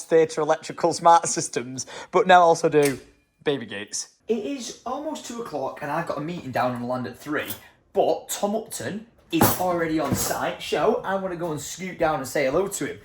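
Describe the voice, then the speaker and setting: Male vlogger, 30s, easygoing and playful, very animated pitch. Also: normal speed. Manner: chatty and jokey, lively swings in pitch. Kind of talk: casual vlog chat.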